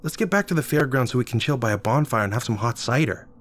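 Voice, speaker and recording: A man's voice: medium pitch, animated, quick pace, a bit bright, a little hiss or hum, pitched above the performer's own voice, close to an everyday voice. A man voicing a fussy, anxious young woman in a lighter, raised voice.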